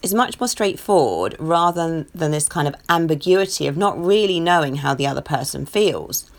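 Woman, podcast host, low gravelly voice, gentle and sincere personal talk. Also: lively intonation, moderate pace. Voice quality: croaky today. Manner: gentle, earnest, self-disclosing.

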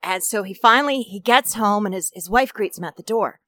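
A woman's voice: mid-range voice, brisk, no room sound. A woman co-hosting a podcast, telling a funny story in casual chat and acting out the characters as she narrates. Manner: animated narrator, acts out voices in her jokes. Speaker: podcast co-host.

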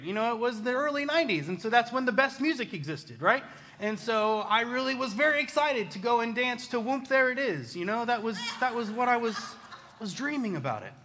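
A man telling a casual personal story in a chatty, self-deprecating, animated way. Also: high-pitched.

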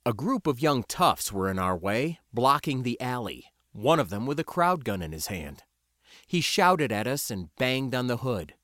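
A man reading a first-person story as an audiobook narrator, in a wry, lively storytelling way. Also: medium pitch, unhurried, no room sound, studio quality.

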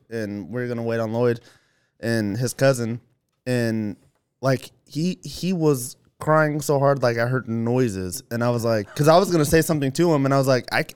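A man in casual chat, agreeable and quick with short yeses. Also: mid-range voice, clear, resonant tone.

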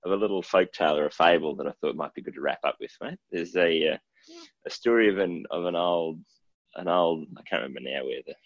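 A man's voice: sits low, quick pace, no room sound. A man with an Australian accent, co-hosting a podcast in casual chat and telling stories in a laid-back, jokey way. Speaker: podcast co-host. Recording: dull, dry lo-fi recording.

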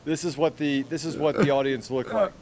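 A man's voice: on the high side, fairly quick, darkish tone. A man on a roundtable, telling a mocking story in a casual way. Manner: mocking, tells a story with asides. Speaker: roundtable guest. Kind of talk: casual chat.

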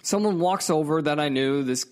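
A man's voice: on the high side, normal speed. A man in a casual, profane storytelling rant, emphatic and heated, with frequent asides to the viewer. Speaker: vlogger.

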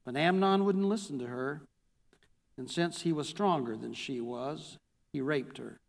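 Male pastor, slightly high voice, sermon reading in a church with long echo. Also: creaky. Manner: reads scripture aloud, then reviews it slowly. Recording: long hall reverb.

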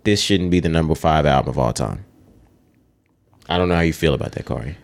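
A man with a very low voice co-hosts a podcast in loose, casual chat. He is opinionated and swears freely as he works through a ranked list. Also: a little fast, gravelly. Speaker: podcast co-host.

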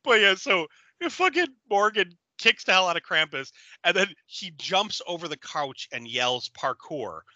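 A man co-hosting a podcast, recapping a movie in casual chat, animated and laughing often. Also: sits high, normal speed, dry recording, dull audio. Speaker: podcast co-host.

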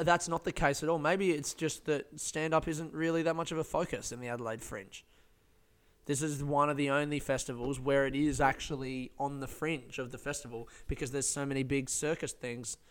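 A man's voice: on the high side, steady tone, moderate pace, clear, resonant tone. A man, a stand-up comedian swearing freely and rambling through stories in a casual podcast monologue.

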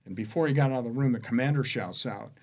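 A man, a real estate executive, telling anecdotes as a podcast guest, shifting between hushed and emphatic delivery. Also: mid-range voice, fast talker. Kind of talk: conversational storytelling.

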